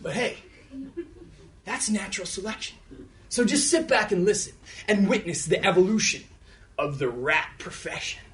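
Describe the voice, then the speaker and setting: A young Canadian man performing a live rap comedy lecture, playful and rhythmic, with quick wordplay and laughing asides. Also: sits high, a bit bright. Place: theater stage before an audience. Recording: live stage sound picked up from a distance.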